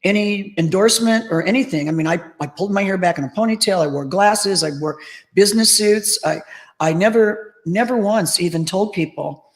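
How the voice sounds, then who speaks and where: A woman's voice: mid-range voice, brisk, rough recording. Chatty woman telling backstage stories. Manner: chatty, animated anecdotes full of acted-out quotes. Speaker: tribute band singer, interview guest. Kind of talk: casual interview storytelling.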